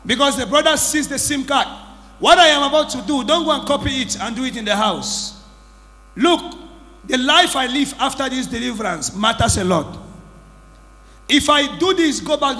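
Music plays beneath this echoey hall recording as a preaching prophet with a very high, bright, forceful voice addresses his church. His sermon features a deliverance testimony, delivered emphatically with exclamations and questions to the congregation.

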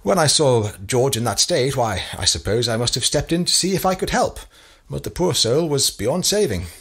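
A man voices a young English aristocrat answering in a stiff, guarded way. His tone is a little husky, with pitch that rises and falls a good deal. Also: lively intonation, normal speed, a bit bright. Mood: defensive. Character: stiff young aristocratic male student rower.

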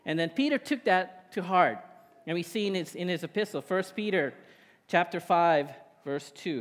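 A man's voice: high-pitched, animated, moderate pace, in a large hall. A male pastor preaching a sermon in a conversational way, often checking in with "right?". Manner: conversational, with tag questions.

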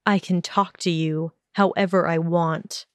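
Arrogant teen wizard boy, low harsh sneer, slow smooth delivery, dry sound, a woman reading him. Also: fairly even intonation, a little mellow, no echo, natural voice. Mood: contemptuous.

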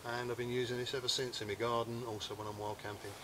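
A middle-aged British man hosting an outdoors channel, talking in an easygoing, relaxed way from a hammock in the woods. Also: medium pitch, quick pace, noisy background. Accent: British English. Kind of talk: casual chat to camera.

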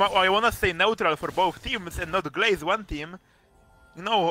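A man casting an esports match with loud hype calls, his voice hoarse and worn from screaming. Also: sits high. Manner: shouts big hype calls, then drops to tired casual talk. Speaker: esports caster and streamer. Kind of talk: hyped esports draft and game commentary.

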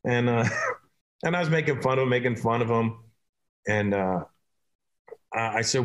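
A comedian from Canada, a man, chatting casually as a guest and telling animated stories with frequent laughs. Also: mid-range voice, normal speed, pauses often. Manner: animated storytelling, laughing often. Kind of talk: casual chat.

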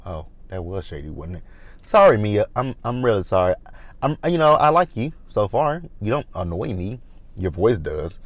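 Blunt, chatty Southern man with a low voice. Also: big pitch swings, normal speed, no room sound, muffled recording. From American South. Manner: chatty, shady and blunt, acts out the cast in quotes. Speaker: reality TV recap vlogger. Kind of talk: casual episode review.

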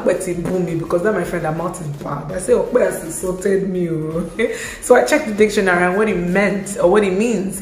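This vlogger's voice is medium-pitched and a little mellow, carrying a Nigerian accent. A young woman, she chats expressively in a casual video, mixing in Yoruba asides, while faint music plays in an echoey room.

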